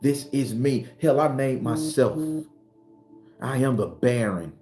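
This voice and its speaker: Over music, a Southern-accented man teaches his followers in an earthy, emphatic style, driving his points home through repetition. He takes it slowly, with an expressive medium-pitched voice and a roomy sound.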